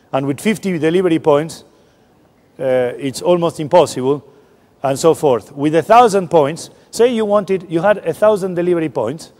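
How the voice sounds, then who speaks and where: A man's voice: on the high side, a little mellow. A man giving a science festival talk, explaining informally and thinking aloud as he goes. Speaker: lecturer. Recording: long hall reverb.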